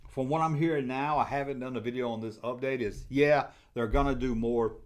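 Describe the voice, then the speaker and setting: A middle-aged man with a Southern accent chatting casually on a livestream, reading viewer comments in a rambling, jokey way and getting loudly excited. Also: medium pitch, a little fast. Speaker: toy collector channel host.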